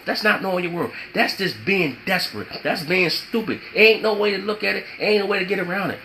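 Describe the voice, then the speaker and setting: A man's voice: high voice, brisk, hardly any pauses, pushed and bright, a little hiss or hum, rough recording. A man giving relationship advice as a vlogger, emphatic and repetitive, slipping into preachy spiritual asides. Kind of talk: preachy motivational talk.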